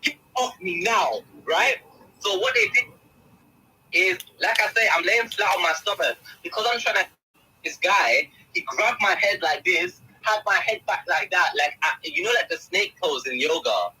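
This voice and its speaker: A man's voice: high voice, big pitch swings, normal speed, bright, forceful tone, slight background noise, poor audio. A young man, a guest in an interview, telling an emotional first-person account in an intense, agitated way, often calling the host by name.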